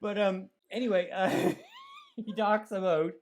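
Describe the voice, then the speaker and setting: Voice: mid-range voice, unhurried, slight background noise. A drag show host in casual banter, campy and teasing, calling people darling and baby.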